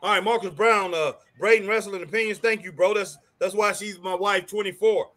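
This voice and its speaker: A man co-hosting a live stream in casual chat, excitable and chuckling, ending lines with "man" and "boy". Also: sits high, fairly quick. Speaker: co-host of a wrestling live stream.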